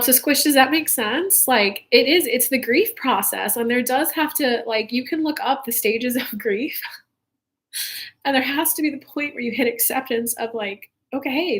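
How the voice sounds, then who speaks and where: Young female spiritual coach, live-stream host, fairly high voice, loose and heartfelt, rambly. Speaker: spiritual coach hosting a live reading show. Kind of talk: casual talk to live viewers.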